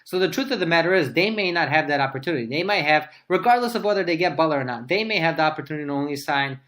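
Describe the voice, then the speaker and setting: A man co-hosting a sports podcast, thinking aloud in casual debate as he pitches hypothetical trades. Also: animated, rapid-fire, a bit bright. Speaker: podcast co-host.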